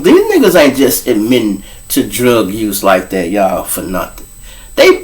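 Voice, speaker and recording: A middle-aged man with a Chicago accent, hosting his own show with a profane, casual storytelling monologue aimed straight at his listeners. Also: mid-range voice. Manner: profane, animated, talks straight to the audience. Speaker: show host.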